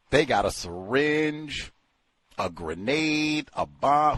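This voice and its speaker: A man casually talking through a book he is reading, animated and full of rhetorical questions. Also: mid-range voice, slow pace, no echo. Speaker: book commentator. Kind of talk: casual spoken book review.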